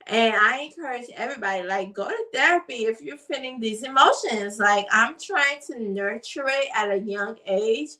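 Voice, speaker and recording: A woman's voice: fairly high pitch, lively intonation, normal speed, hardly any pauses, pushed and bright, recorded from a distance, poor audio. A woman and mother of three, talking earnestly and casually, repeating phrases with lots of fillers. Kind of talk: casual talk to camera.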